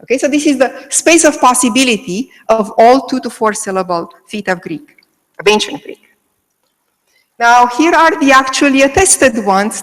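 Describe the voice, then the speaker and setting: A woman with a slightly high voice and lively intonation speaks at normal speed in a lecture on Greek meter for a remote audience. She explains step by step, punctuated by frequent "okay"s. The recording is rough, with a big-room sound.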